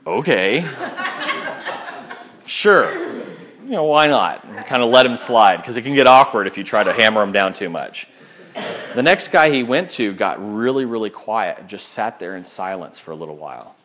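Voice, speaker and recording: A man preaching, telling a story in an animated way and acting out the people he quotes. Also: lowish voice, fairly quick. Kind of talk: sermon storytelling.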